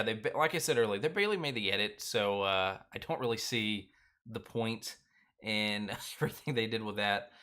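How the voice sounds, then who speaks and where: A man with a slightly low voice and a bright, forceful tone, chatting through an episode recap. He talks loosely and freely gives his opinions, with plenty of filler words. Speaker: host of a reality TV recap channel. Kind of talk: casual episode recap chat.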